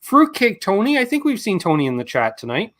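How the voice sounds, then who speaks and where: Canadian guy hosting a live stream, bouncy lively voice, kinda high for a man, rambles on. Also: fairly quick. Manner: chatty, rambling, reads out names. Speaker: co-host. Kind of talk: casual livestream chat.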